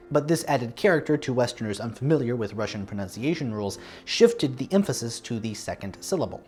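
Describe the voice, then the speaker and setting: A man's voice: medium pitch, a little mellow. Wry man narrating music history. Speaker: music history video host. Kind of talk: scripted educational narration.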